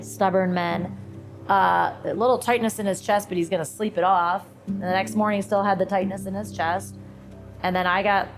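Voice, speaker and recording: A woman from Toledo, Ohio, talking as a podcast guest, telling stories with lively acted-out quotes. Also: fairly low pitch. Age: adult, sings since her mid-twenties. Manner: animated storyteller, acts out quoted voices. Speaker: podcast guest, singer and lawyer. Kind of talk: casual interview chat.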